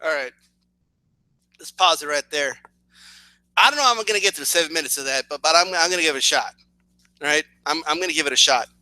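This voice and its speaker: A man's voice: on the high side, expressive, quick pace, pauses often, bright, forceful tone, dry recording, poor audio. A man hosting a reaction video, talking in a mocking, sarcastic way with frequent stutters and restarts. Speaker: reaction channel host.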